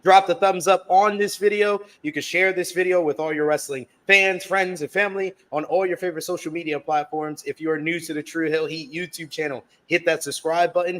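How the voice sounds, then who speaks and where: A man's voice: on the high side, fairly bright tone. Upbeat man hosting a live show. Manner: upbeat, reads live chat aloud. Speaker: podcast host. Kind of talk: casual live-stream chat.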